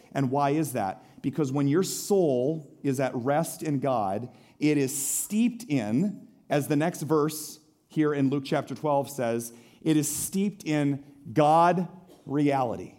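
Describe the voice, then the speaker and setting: Pastor, male, fairly high voice, dynamic delivery that swings from loud emphasis to hushed, slow phrases. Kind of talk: sermon.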